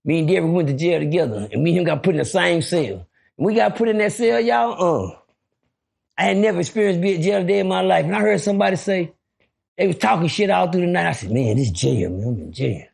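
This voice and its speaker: A man telling a story on a podcast in a casual, animated way, acting out voices and throwing in profane asides. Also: sits high, quick pace, vocal fry.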